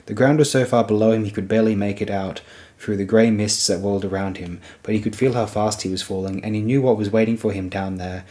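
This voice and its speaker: A man reads a fantasy novel aloud as an audiobook. His voice sits low and his delivery stays steady and even. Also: fast. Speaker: audiobook narrator. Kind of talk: audiobook narration.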